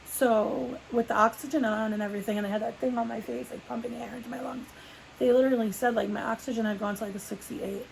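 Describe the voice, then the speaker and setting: A woman's voice: fairly high pitch, steady tone, fast talker, gravelly, a little hiss or hum, poor audio. A young adult woman telling a personal story in a casual sit-down vlog, rambling with lots of "like" and restarts. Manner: rambling, full of "like" fillers and restarts. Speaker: vlogger.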